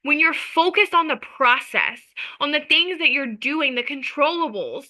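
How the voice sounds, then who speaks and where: A woman with a high, very bright voice talks to her followers as a social media coach. She is emphatic and energetic. She keeps checking in with her listeners as she goes. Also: unhurried, poor audio. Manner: energetic, emphatic, chatty with repeated "okay?". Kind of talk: motivational talk to followers.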